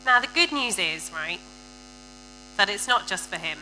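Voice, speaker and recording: Bright-voiced woman preaching. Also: mid-range voice, unhurried, a little hiss or hum, poor audio. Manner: warm storytelling with frequent laughs, lively and animated. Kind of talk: sermon.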